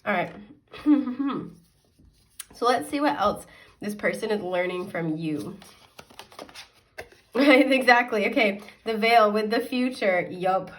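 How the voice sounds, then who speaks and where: A woman's voice: mid-range voice, expressive, slow pace, long pauses. A woman giving a casual tarot reading to her viewers. She is chatty and giggly and fills her talk with frequent ums and likes. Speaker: tarot reader.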